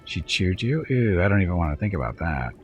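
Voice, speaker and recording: A man's voice: low voice, sing-song, brisk, dull audio, faint music behind. A man playing a blunt, skeptical hero who questions a demon in a dry, matter-of-fact way.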